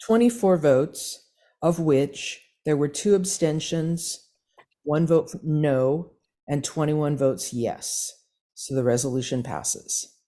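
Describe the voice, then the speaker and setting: A woman reporting vote results in a virtual meeting, careful and measured, over a video call. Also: low-pitched, warm tone. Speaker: meeting member reporting votes.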